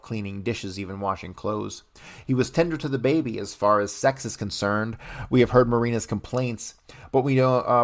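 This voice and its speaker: A man's voice: lowish voice, creaky. A man reading a book aloud on a podcast, stopping now and then to comment bluntly.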